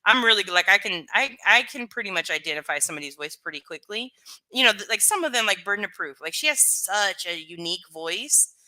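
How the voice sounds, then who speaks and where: A woman's voice: medium pitch, expressive, fairly quick, bright, forceful tone. A woman chatting casually on a live stream, reading and answering viewer comments with plenty of fillers.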